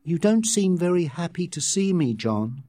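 A man voicing a headstrong, impatient young woman in love, with drawn-out, pleading delivery, in a read-aloud story. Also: on the low side, big pitch swings, warm tone, dry recording, voice pushed up. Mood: yearning.

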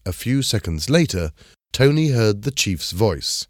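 Low, lively male storyteller. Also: unhurried, no room sound, clean studio sound. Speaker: storybook reader. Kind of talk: scripted narration of a graded reader.

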